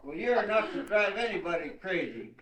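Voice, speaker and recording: An older man, a grandfather, gruff and cursing, grumbling back at his family at home. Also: sits high, expressive, fairly quick, a bit bright, a little hiss or hum. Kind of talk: casual family squabble. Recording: roomy home tape.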